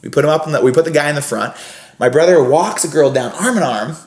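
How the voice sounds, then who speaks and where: A young man, a scare actor guest on a podcast, telling stories in a casual, animated way, full of acted-out voices and fillers. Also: fairly high pitch, fast. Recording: roomy echo.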